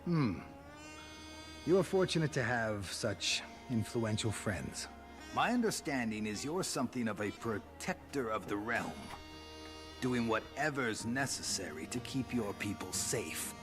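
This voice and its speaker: An actor playing a male security minister in a video game, speaking in a cool, measured way with a faint edge of menace. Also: medium pitch, animated, close to an everyday voice. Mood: coolly formal. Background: game music.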